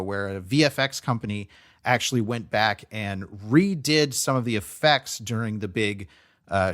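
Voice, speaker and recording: A man's voice: fairly low pitch, a bit bright. A young adult man co-hosting a podcast, chatting casually about movies with lots of fillers and restarts. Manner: rambling, frequent fillers and restarts. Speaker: podcast co-host. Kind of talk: casual movie review chat.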